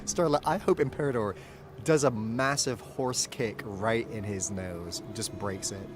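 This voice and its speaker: A man's voice: lowish voice, a little slow, background noise. A man streaming a game playthrough, reacting with dramatic mock outrage and laughter. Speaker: streamer and voice actor. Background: game music.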